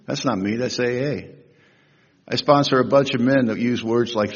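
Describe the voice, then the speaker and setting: Husky man in his sixties, convention speaker; humorous, animated storyteller, booming echo of a big hall. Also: moderate pace. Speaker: recovery meeting speaker. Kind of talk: storytelling talk at a recovery convention. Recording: echoey hall, dull lo-fi sound.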